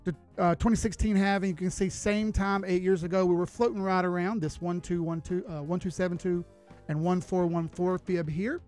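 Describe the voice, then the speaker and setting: A man's voice: high voice, fairly even intonation, a little fast, a little mellow, faint music behind. A man giving live chart analysis on a stream, talking casually and greeting viewers as he goes. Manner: casual, folksy, chats with viewers while reading charts.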